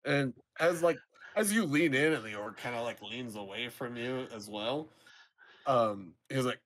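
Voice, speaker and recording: A man's voice: mid-range voice, animated, a little slow, fairly bright tone. A man running a tabletop game as game master, narrating in a loose, filler-heavy way.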